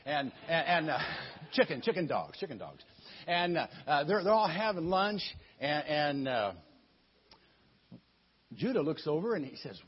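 A man's voice: a little high, very animated, measured pace, slightly rough. A man casually retelling a Bible story in a folksy way, stumbling over his words and adding joking asides. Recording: muffled lo-fi recording.

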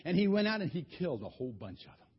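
Casting: a husky, folksy preacher telling a Bible story, dull lo-fi recording. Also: male voice, on the high side, big pitch swings, fast. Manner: folksy, colloquial, lots of restarts. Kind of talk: animated Bible storytelling sermon.

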